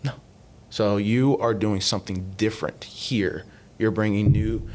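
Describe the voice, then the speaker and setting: A man's voice: fairly low pitch, measured pace, slight background noise. A man guesting on a podcast, telling stories in casual chat, acting out past talks and leaning on fillers. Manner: animated, retells talks in quoted voices, many fillers. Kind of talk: casual storytelling interview.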